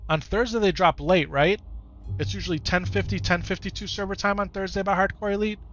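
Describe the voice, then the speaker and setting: A man with a Wisconsin accent gives easygoing live commentary over a video game, talking to his chat and repeating himself as he goes. His voice sits a touch higher than most men's. A faint hiss runs underneath. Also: fairly even intonation, a little fast, fairly bright tone, muffled recording. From Wisconsin, United States. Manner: chatty and easygoing, often repeats his own phrases. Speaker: game streamer. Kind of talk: live gameplay commentary while reading chat.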